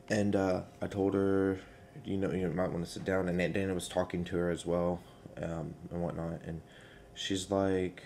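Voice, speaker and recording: Young man, low voice, hesitant, casual vlog storytelling. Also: little pitch movement, a little mellow, slight background noise. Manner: hesitant, halting storytelling with many fillers. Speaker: vlogger.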